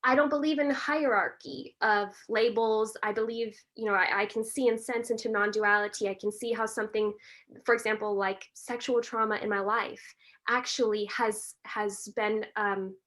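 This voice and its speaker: A woman, a breathwork and meditation teacher, talking earnestly and warmly as a podcast guest in a reflective, gently spiritual way. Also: mid-range voice, fairly even intonation, moderate pace. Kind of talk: reflective conversational talk.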